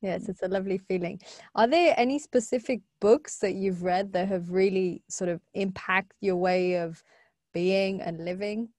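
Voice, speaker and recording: A woman's voice: mid-range voice, moderate pace, darkish tone. A woman hosting a podcast interview, heard in a dry, close sound with no room echo. She is affirming and laughs easily as she chats with her guest. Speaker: podcast host. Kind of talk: casual interview chat.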